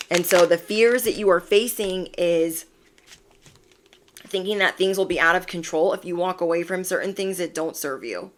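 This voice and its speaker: A woman's voice: fairly low pitch, moderate pace, slight background noise. A woman giving an emphatic pick-a-card tarot reading, repeating affirmations. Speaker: tarot reader.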